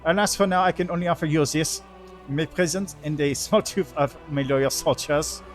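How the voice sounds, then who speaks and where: A man's voice: a little high, moderate pace, faint music behind, natural voice. A man voicing a solemn, ancient male angel herald in a mock French-tinged, old sci-fi style voice, reading game dialogue.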